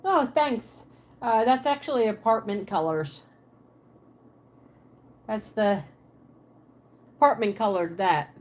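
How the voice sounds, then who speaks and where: A woman's voice: medium pitch, slow pace, long pauses. Woman, Pennsylvania Dutch accent, Southern twang, casual livestream chat, reads comments aloud, at home. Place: her apartment at night.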